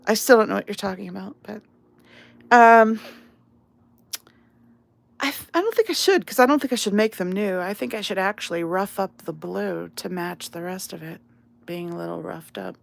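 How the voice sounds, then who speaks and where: A woman's voice: medium pitch, normal speed, creaky, pauses often, no room sound. A woman hosting a casual live stream while painting, chatty and self-deprecating, reading chat aloud. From outside England. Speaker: livestream host.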